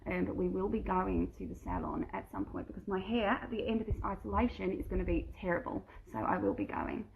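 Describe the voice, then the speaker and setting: A woman's voice: medium pitch, sing-song, fairly quick, gravelly, darkish tone, a little hiss or hum, poor audio. A woman at home answering viewer questions in a casual livestream, reading each question aloud and then replying in a chatty way. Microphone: phone livestream.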